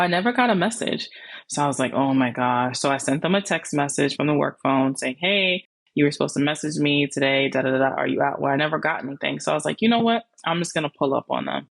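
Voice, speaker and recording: A woman podcast host telling a personal story, animated, acting out the conversations she quotes. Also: sits low, creaky, no echo. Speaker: landlord and life coach. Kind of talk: storytelling monologue.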